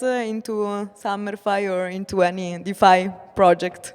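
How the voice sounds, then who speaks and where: A woman moderating a conference panel, asking her questions hesitantly with many pauses and filler words. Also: mid-range voice, steady tone, darkish tone, clean tone. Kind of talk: panel discussion. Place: conference stage. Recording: echoey conference hall.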